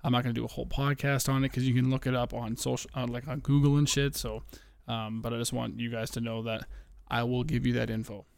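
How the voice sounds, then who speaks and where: Low-key, gravelly young man. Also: level tone, quick pace, no room sound. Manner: rambling, profane, talking low to keep quiet. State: out of breath. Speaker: podcast host. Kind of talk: casual betting podcast chat. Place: home at night.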